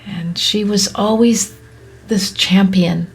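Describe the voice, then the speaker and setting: A woman hosting a podcast, speaking in a soft, often whispery, reflective way, her voice catching with emotion. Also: mid-range voice, fairly even intonation, slow pace, breathy edge. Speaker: podcast host. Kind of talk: slow reflective monologue.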